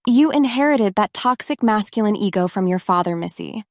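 A woman reading the lines of a calm, firm wife who speaks softly and with composure. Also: mid-range voice, moderate pace, no room sound, studio quality, close to an everyday voice. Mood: gentle firm. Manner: soft, composed and reassuring. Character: calm, firm older woman reforming her husband.

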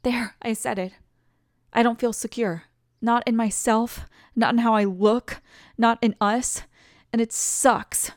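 A woman's voice: on the high side, fairly even intonation, a little slow, dry recording, clean studio sound. A woman playing a pregnant girlfriend, a former bully, tough on the outside and insecure underneath, in an audio role-play spoken straight to the listener. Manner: emotional, defensive then tender, soft confessional asides.

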